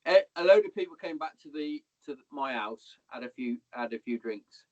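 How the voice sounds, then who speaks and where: This Hereford man, a podcast guest, has a mid-range, animated voice and a moderate pace. Chatting casually, he runs through army anecdotes full of swearing, calling the listener "mate." It's a dry, dull lo-fi podcast recording.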